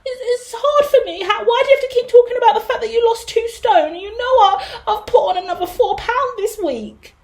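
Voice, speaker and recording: A woman's voice: very high voice, expressive, moderate pace, hardly any pauses, voice pushed up. A woman voicing a self-pitying, whiny, jealous person who complains plaintively.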